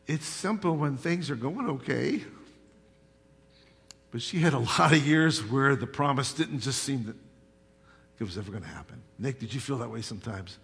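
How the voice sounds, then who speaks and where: A man preaching a sermon as pastor, telling folksy stories and building to loud, emphatic points. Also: medium pitch, animated, normal speed, creaky, long pauses. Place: church sanctuary. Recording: long hall reverb.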